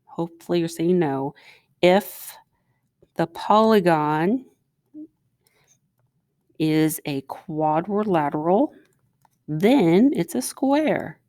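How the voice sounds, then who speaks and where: A woman's voice: fairly low pitch, animated, slow, long pauses, mellow, no room sound. Chatty woman teaching a math lesson. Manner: chatty, asks students questions while writing.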